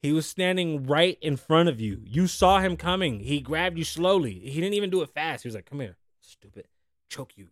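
A man's voice: fairly high pitch, animated, fairly quick, hardly any pauses, no echo, clean studio sound. A man hosting a podcast, chatting loosely with lots of swearing and jokes, and reading news stories aloud. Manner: profane, joking, loose and rambling. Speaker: podcast host.

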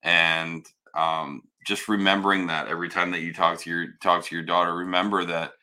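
A man's voice: low voice, flat delivery, moderate pace, bright, forceful tone. A man hosting a casual chat, blunt and swearing as he gives advice. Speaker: host.

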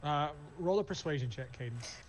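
A man's voice: on the high side, lively intonation, normal speed, slight background noise. A man narrating as game master, casual and full of fillers. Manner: loose, filler-heavy narration.

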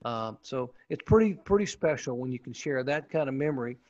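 A man's voice: medium pitch, animated, a little fast, darkish tone, no room sound. Enthusiastic man telling a long story. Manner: enthusiastic, rambling with restarts. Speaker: former pit reporter, guest. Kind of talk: casual storytelling interview. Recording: dull, muffled lo-fi audio.

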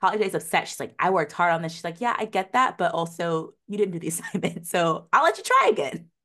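A young woman co-hosting a podcast recaps a TV episode in casual chat, talking fast in a lowish voice. She's animated, laughs often, says "like" and "um" a lot, and acts out the characters' lines mid-story.

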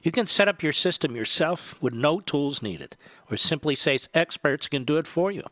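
A man's voice: on the high side, expressive, moderate pace, fairly bright tone, no room sound. Breathless male talk radio host. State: short of breath.

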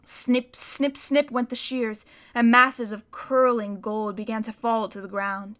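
A woman reads a children's story aloud with dramatic, expressive storytelling. Her voice is bright and sits fairly high. She slows down and leans into the vivid scenes. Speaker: narrator. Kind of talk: audiobook reading of a children's story.

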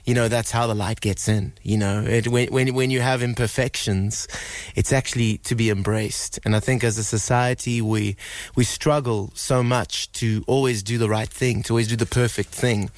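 A man's voice: medium pitch, normal speed, no echo. A middle-aged man and musician guest telling a story earnestly on live radio, with frequent fillers and restarts. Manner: earnest, animated storyteller with many fillers and repeats.

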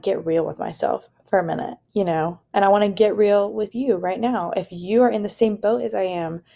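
A young woman hosts a casual solo podcast, rambling earnestly and peppering her talk with "like" and "you know." Her voice is medium in pitch, gravelly, and warm.

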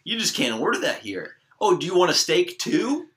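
A man playing a stubborn young male fast-food cashier with flat, dismissive refusals in an improvised comedy bit. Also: high-pitched, pitched above the performer's own voice. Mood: smug.

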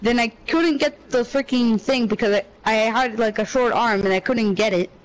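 A man's voice: very high voice, normal speed, rough recording. A young man co-hosting a podcast, telling a story in a rambling, exasperated way full of casual slang. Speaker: podcast co-host. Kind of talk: casual chat.

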